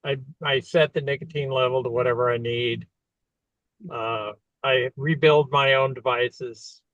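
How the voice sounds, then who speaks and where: Man, mid pitch, slow and matter-of-fact, on a dull remote line. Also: fairly even intonation, fairly bright tone, no echo. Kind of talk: casual chat.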